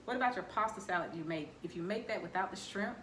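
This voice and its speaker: A woman's voice: mid-range voice, quick pace, fairly bright tone, roomy sound, a little hiss or hum. A woman hosting a casual food vlog, chatting and teasing her guest with questions. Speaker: vlogger host. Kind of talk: casual chat during a mukbang.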